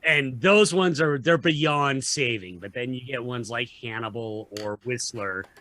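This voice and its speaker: A man's voice: medium pitch, a little slow, bright, forceful tone, slight background noise. A man co-hosting a podcast, working through arguments about films in a casual way, with occasional swearing. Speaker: podcast co-host. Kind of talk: casual film discussion.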